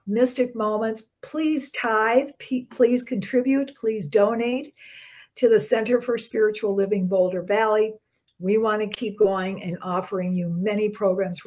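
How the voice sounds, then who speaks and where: A woman minister delivers a short spiritual message in an easy, conversational preaching manner. Her voice sits mid-range, trailing off at line ends and then lifting with emphasis. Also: mid-range voice. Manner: conversational, warm-hearted preaching with soft dropped endings and bursts of emphasis. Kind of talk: short spiritual talk to camera.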